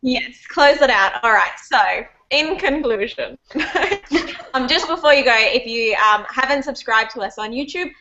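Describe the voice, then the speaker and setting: A woman's voice: high-pitched, lively intonation, measured pace, bright, forceful tone, muffled recording. A woman hosting a casual livestream chat, rambling and giggly as she wraps up. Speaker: host.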